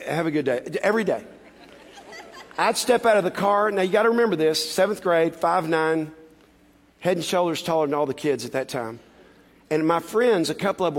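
A man preaching a sermon, telling a personal story and building to loud, animated exhortation. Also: high voice, slight background noise. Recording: long hall reverb.

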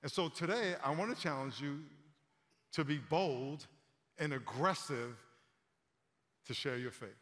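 A man in his fifties delivers a sermon in a conversational, storytelling way, often doubling back and repeating words. His voice sits fairly high for a man. The sound carries a long hall reverb from a large church room. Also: a little slow, pauses often. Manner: animated storytelling, repeats words, addresses the congregation. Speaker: preacher.

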